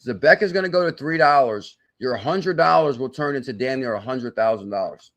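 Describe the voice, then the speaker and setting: A man of middle pitch hosting a live crypto stream. He talks in an excitable, salesy way, breaking into loud exclamations, then mutters through sums and chart checks as he reads the viewer chat. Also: brisk. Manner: thinks aloud while doing sums and checking charts. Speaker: crypto channel host.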